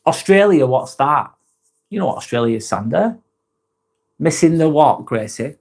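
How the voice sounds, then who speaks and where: A man's voice: a little high, expressive, moderate pace, gravelly, a little mellow. A man hosting a casual live chat, reading viewer comments aloud, laid-back, laughing often and swearing freely. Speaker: livestream host.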